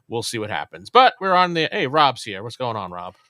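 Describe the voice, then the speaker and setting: Laid-back male stream host, bright voice. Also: medium pitch, no room sound, clean studio sound. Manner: laid-back, trailing off with ums. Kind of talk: casual live stream chat.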